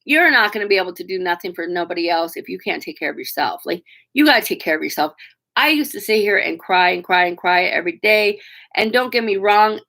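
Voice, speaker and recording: A woman in her forties with a bright, forceful voice talks straight to her viewers in a live stream. She is candid and emotional, with plenty of fillers and a few swear words along the way. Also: medium pitch. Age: 40s. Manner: frank, emotional and chatty, with frequent fillers and swearing. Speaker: vlogger talking to viewers.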